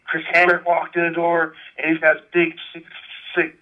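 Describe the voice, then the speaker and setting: A man's voice: a little high, completely flat delivery, moderate pace. A man telling rambling stories with many fillers as a guest in a casual phone interview. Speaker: guest, wrestler. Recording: tinny phone line.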